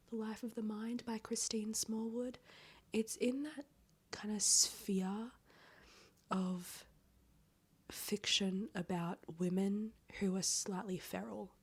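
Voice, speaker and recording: Breathy, near-whispering woman vlogger. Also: mid-range voice, steady tone, slow pace. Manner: chatty, rambling, swears casually. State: hoarse, voice cracking. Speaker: book vlogger. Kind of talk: casual book-review chat.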